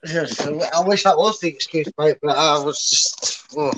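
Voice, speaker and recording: A man's voice: fairly high pitch, measured pace, fairly bright tone, a little hiss or hum, low-quality recording. A man chatting casually as a co-host on a fan show, easygoing and friendly. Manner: easygoing, calls everyone mate. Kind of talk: casual chat.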